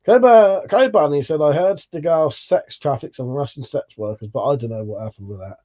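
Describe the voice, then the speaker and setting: British male streamer, casual, swears a lot, slightly high voice. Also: normal speed, mellow, muffled recording. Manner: laid-back, swears freely, chuckles often. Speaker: livestream host. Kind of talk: casual live chat, reading out viewer comments.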